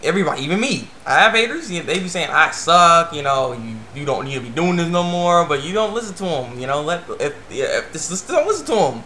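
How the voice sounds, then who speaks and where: A man rambling casually through an anime episode review, breaking into squeaky voices for quoted characters. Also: big pitch swings, quick pace, few pauses, pushed and bright, reverberant, a little hiss or hum.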